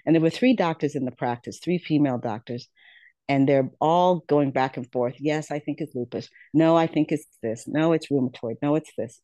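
A woman's voice: low voice, moderate pace, mellow, no room sound, dull audio. A middle-aged woman, a podcast guest, telling her life story earnestly, repeating words and acting out what others said to her. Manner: earnest, repeats words, acts out quoted dialogue. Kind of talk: personal storytelling in an interview.

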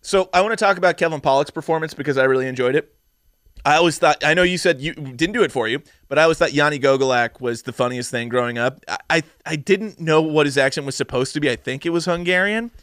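A young man co-hosting a podcast in casual chat, animated, swearing freely and laughing often. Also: a little high, fast, smooth, no room sound, studio quality. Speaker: podcast co-host.

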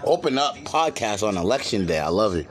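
Profane, animated male podcast host. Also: lowish voice, brisk, a crowd in the background. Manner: profane, loud and joking. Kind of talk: casual chat.

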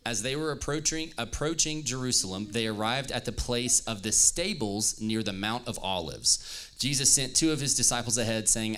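Preaching at a lively youth service, a man serving as pastor speaks in a mid-range voice at a moderate pace, pushed and bright. Between scripture readings, he jokes playfully with the people listening.

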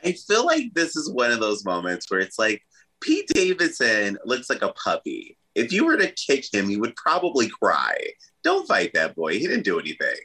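A man's voice: fairly low pitch, huge pitch swings, normal speed, sharp tone, breathy edge, low-quality recording. A man as co-host in a casual gossip chat, joking in a goofy, playful way. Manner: jokey, goofy humor. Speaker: podcast co-host.

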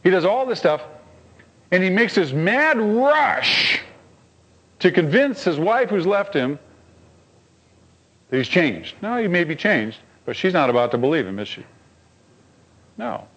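A man preaching a sermon, telling stories and asking rhetorical questions of his congregation, swinging between high emphatic lines and low quiet asides. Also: sing-song, measured pace, pauses often, slightly rough, poor audio. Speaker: pastor.

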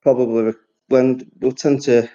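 A man's voice: mid-range voice, little pitch movement, moderate pace, warm tone. A man co-hosting a podcast, chatting casually, rambling and swearing freely. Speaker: podcast co-host. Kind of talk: casual chat. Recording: dull lo-fi audio.

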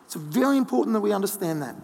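Gravelly preacher in a hall. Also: male voice, sits high, lively intonation, very fast, darkish tone. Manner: conversational storytelling with asides. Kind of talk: sermon. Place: church hall. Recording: long hall reverb.

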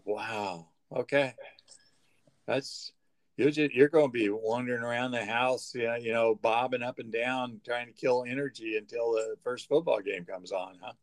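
A man's voice: mid-range voice, moderate pace. A man co-hosting a casual chat, teasing dryly and often repeating and restarting words. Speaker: co-host. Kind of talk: casual banter.

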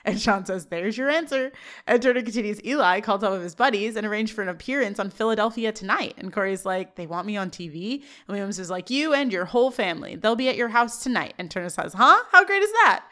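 A woman co-hosting a casual podcast, recapping scenes quickly and laughing often. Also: mid-range voice. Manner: animated, laughs often, quick paraphrasing of dialogue. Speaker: podcast co-host.

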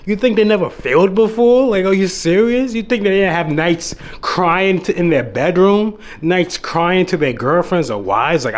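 A man's voice: high voice, expressive, normal speed, few pauses. A young man giving a casual, earnest motivational talk to his viewers, swearing freely and calling the listener bro, at times getting emotional. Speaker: dating and self-improvement YouTuber. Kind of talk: motivational monologue to camera.

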